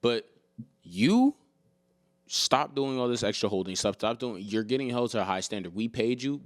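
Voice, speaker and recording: A man co-hosting a casual sports podcast, ranting and teasing in an animated way. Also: mid-range voice, normal speed, dry recording. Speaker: podcast co-host.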